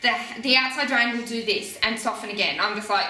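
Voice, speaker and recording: A woman, coaching riders in a casual, animated way, laughing and acting out what riders think. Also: mid-range voice, normal speed, hardly any pauses, a little hiss or hum. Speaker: riding coach. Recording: echoey, from a distance from the mic.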